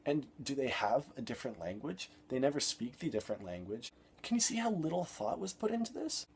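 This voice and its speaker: A man's voice: mid-range voice, very animated, fairly quick, creaky, darkish tone, a little hiss or hum. A young man reviewing a film in an exasperated, sarcastic rant, swearing freely.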